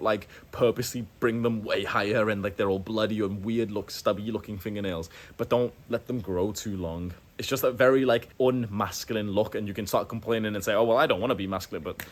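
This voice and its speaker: A young man talking straight to camera, giving blunt self-improvement advice in a casual, filler-heavy way with lively bursts of emphasis. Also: lowish voice, a little fast, few pauses. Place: in Thailand, indoors.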